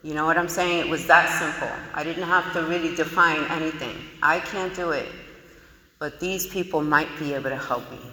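A woman telling her recovery story, frank and conversational, with lots of casual fillers. Her voice is strikingly bright and sharp. It rings out through a roomy hall with a long reverb tail. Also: deep voice, fairly even intonation, normal speed, recorded from a distance. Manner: frank, conversational, many "you know" fillers. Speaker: person sharing a recovery story. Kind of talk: personal testimony talk.

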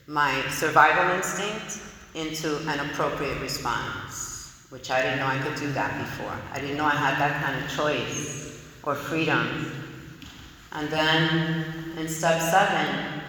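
A woman's voice: low voice, sharp tone, recorded from a distance, slight background noise. Frank woman in an echoey hall. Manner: frank, conversational, many "you know" fillers. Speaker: person sharing a recovery story. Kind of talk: personal testimony talk. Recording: echoey hall with long reverb.

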